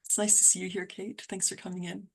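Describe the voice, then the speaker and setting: A woman's voice: lowish voice, level tone, fast, gravelly, a little mellow, breathy edge. A woman from Canada hosting an online poetry reading, talking casually with fillers and restarts.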